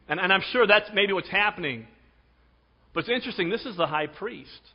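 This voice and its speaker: A man preaching a sermon as pastor, dramatic, swinging from loud calls to hushed tones. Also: fairly high pitch. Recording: dull sound with long hall reverb.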